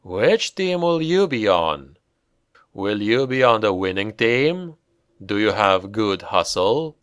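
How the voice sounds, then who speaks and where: A man reading the part of a dead father who returns, speaking slowly and gently like a patient old dad. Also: fairly low pitch, very animated, clean tone, no room sound, studio quality, full character voice. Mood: calm. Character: calm, ghostly older father smoking a pipe.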